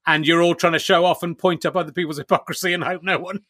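Male host, bright forceful voice, dry close sound, casual chat. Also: on the high side, fairly even intonation, fast, no room sound. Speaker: podcast host.

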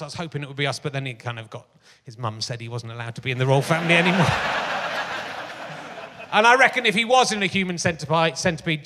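A man with a high, bright voice hosts a live comedy talk show, rambling and poking fun at himself with frequent fillers and restarts. His voice rings out with a long reverb from a large theatre. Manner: rambling, self-mocking, lots of fillers and restarts. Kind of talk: stand-up style chat on stage. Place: large theatre stage before a live audience.

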